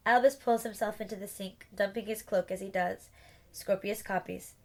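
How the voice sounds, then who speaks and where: A woman reading the stage directions of a play aloud in a calm, even narrating voice. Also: medium pitch, normal speed. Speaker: reader of an audiobook series.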